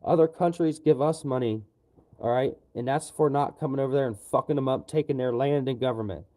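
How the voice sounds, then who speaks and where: On a poorly recorded livestream, a man with a mellow, medium-pitched voice speaks fairly quickly. He delivers a furious, profane, repetitive political rant, constantly tacking "you know" onto his lines.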